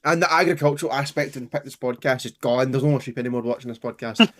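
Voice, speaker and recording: A man's voice: medium pitch, fairly even intonation, fast talker, fairly bright tone. A man co-hosting a history podcast, chatting casually, rambling and often laughing. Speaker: podcast co-host.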